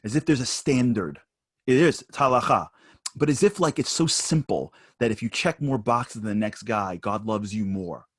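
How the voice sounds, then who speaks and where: A husky-voiced man at a mid-range pitch delivers a conversational teaching talk. He moves between quiet, personal storytelling and livelier stretches where his voice climbs and gets louder. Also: moderate pace, dry recording, clean studio sound. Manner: storytelling, rising higher and louder when animated. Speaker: lecturer at an online seminar.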